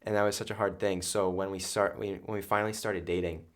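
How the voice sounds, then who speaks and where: A young man with a notably deep, low-pitched voice chats casually as a podcast guest. He rambles earnestly, leaning on fillers as he tells his story. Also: flat delivery, fast. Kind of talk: casual chat.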